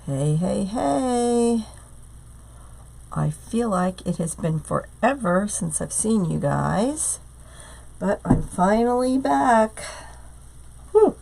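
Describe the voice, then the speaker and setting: A middle-aged woman with a hoarse voice from a cold, chatting through a live craft tutorial and greeting viewers by name. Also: medium pitch, animated, slow pace, pauses often, dark tone. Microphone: tablet streaming live.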